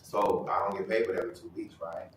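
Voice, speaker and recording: A man sharing a personal testimony at a Bible study, telling his story in an animated way and acting out other people's voices. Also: deep voice, fast, very echoey, recorded from a distance, a little hiss or hum, poor audio. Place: church hall.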